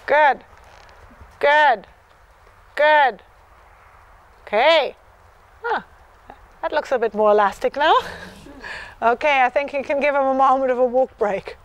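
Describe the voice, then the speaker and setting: A woman's voice: sits high, slow pace, pauses often. A woman clinician coaching a dressage rider live. She encourages the rider with repeated yeses and chants the horse's rhythm aloud. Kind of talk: live riding lesson coaching.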